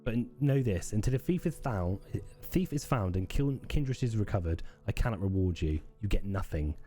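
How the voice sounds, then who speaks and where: A man's voice: on the low side, expressive, moderate pace, mellow, soft background music, close to an everyday voice. A man voicing a stern, curt, aging woman who leads an isolated village. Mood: scornful. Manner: curt, dismissive.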